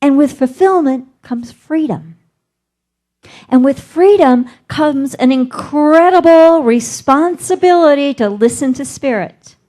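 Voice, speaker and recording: Woman minister telling a lively story. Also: high-pitched, slow pace. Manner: storytelling, acts out inner dialogue. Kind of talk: sermon.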